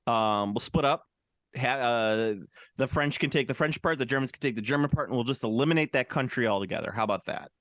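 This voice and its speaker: A man's voice: mid-range voice, fairly quick, fairly bright tone, dry recording, clean studio sound. A man co-hosting a podcast, chatting casually in a joking, mock-serious way. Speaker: podcast co-host. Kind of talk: casual chat.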